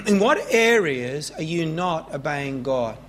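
A man preaching a sermon at a slow, unhurried pace, his voice sitting a little high for a man. He speaks earnestly and climbs higher when he presses a point. A faint hum runs beneath the recording. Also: lively intonation, a bit bright. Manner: earnest, rising with emphasis, slow deliberate preaching. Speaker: pastor.

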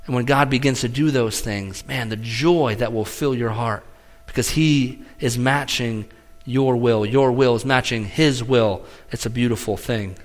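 A middle-aged man preaching a sermon as pastor, with animated swings in pitch and loudness between earnest emphasis and quiet lines. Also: a little slow.

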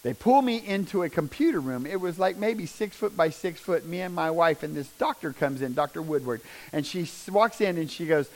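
A man's voice: fairly high pitch, lively intonation, a little fast, few pauses. Raw-voiced man telling a heartfelt testimony. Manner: raw, intense telling that swings from hushed to loud. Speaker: father giving a personal testimony. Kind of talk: emotional personal testimony storytelling.

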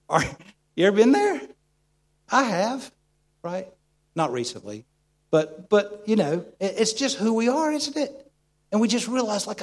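A middle-aged male pastor preaching a sermon in a conversational, animated way, full of asides and rhetorical questions. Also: sits high, unhurried, long pauses.

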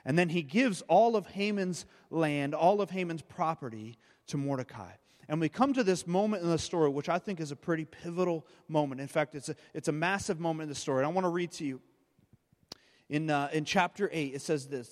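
A man's voice: fairly high pitch, expressive, moderate pace, a little mellow, long reverb tail. A man preaching a sermon, retelling a story and often repeating his words as he goes. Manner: storytelling with frequent word repeats. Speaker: pastor.

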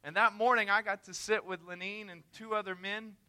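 Bright, high-voiced missionary preacher man. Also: steady tone, fairly quick, smooth. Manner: earnest, emphatic, conversational. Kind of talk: sermon storytelling.

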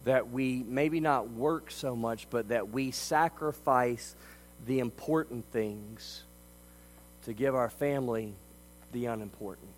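A man preaching a sermon as a pastor. He delivers it emphatically, swinging between quiet stretches and loud ones. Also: mid-range voice, takes it slowly, slight background noise, low-quality recording.

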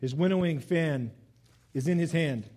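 A middle-aged man delivers a sermon with a noticeably high-pitched voice. He moves between reading scripture and loose, conversational asides, keeping the tone animated. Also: normal speed. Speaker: pastor.

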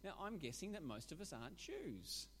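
A man delivers a sermon with emphatic, animated drive. His pitch climbs and falls widely as he presses his points. Long reverb rings around him in the hall. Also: normal speed, slight background noise. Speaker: preacher.

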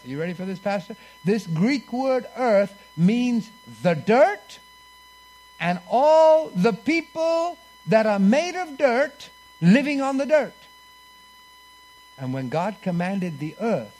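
A preacher with a high, very lively voice that leaps up and down as he drives his sermon forward. He leads the congregation in call-and-response, swinging from booming declarations to hushed, intimate lines. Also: slight background noise.

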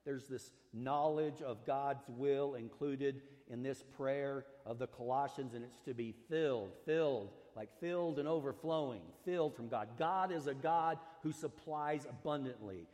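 Warm-toned pastor preaching in a reverberant hall. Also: male voice, mid-range voice, measured pace, hardly any pauses. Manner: earnest, stresses key words, stretches them out; conversational, with fillers and asides. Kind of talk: sermon.

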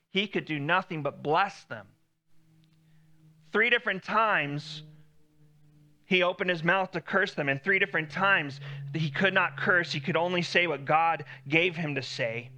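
A man's voice: a little high, pushed and bright. A man preaching a sermon in a conversational way, lifting his voice when he quotes God.

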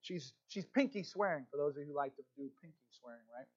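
A man's voice: a little high, quick pace, muffled recording. A man preaching a sermon, reading scripture with rising emphasis and turning often to speak to the congregation. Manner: expository preaching with asides to the congregation. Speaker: pastor.

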